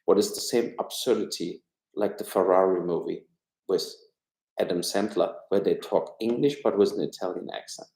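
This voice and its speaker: A man from Germany, with a German accent, gives blunt, rambling, opinionated commentary on film and politics during a casual live stream from a room at home. His voice is low-pitched and a little mellow with vocal fry, at a moderate pace, and the rough recording sounds echoey.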